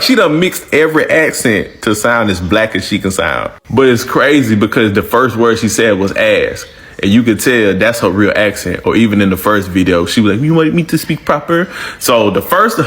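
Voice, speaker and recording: Man, low-pitched, slangy and emphatic, casual reaction commentary. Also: fairly bright tone. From northern Louisiana.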